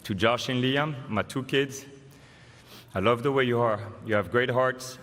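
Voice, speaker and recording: A man's voice: medium pitch, a bit bright. French-accented man speaking in a big hall. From France. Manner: casual, halting, with fillers and laughs. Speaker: honoree giving an acceptance speech. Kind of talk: emotional acceptance speech. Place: large arena stage. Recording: long hall reverb, faint noise.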